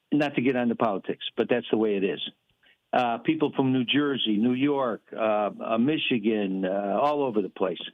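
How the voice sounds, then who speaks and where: A male caller comes through a thin, tinny phone line, his voice sitting at an average pitch. He rambles in a folksy way, stacking fillers and restarts as he tells his story. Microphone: telephone.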